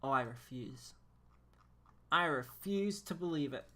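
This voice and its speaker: A woman with a low-pitched voice chats casually while live-streaming a game. She rambles and sounds incredulous, laughing often between her thoughts. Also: expressive, a little slow, bright, forceful tone, a little hiss or hum.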